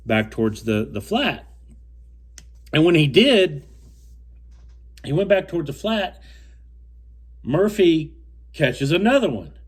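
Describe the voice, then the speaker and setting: A young man from the United States recounts a fishing trip in a casual, rambling way, restarting and repeating words, firm and indignant. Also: mid-range voice. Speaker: fishing co-angler telling a story. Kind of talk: casual storytelling to camera.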